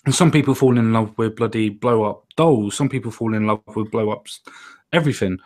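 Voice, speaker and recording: A man's voice: on the low side, fairly quick, darkish tone. A man co-hosting a casual chat, explaining his points earnestly and at length.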